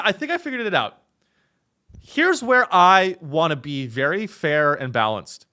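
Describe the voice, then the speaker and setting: A young man hosting a comedy podcast, delivering a sarcastic monologue that swings between deadpan and exasperated. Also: sits high.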